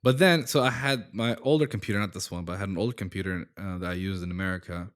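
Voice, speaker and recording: Easygoing low-voiced young man. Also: fast. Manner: easygoing, jokey, agrees along. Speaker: podcast co-host. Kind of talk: casual chat.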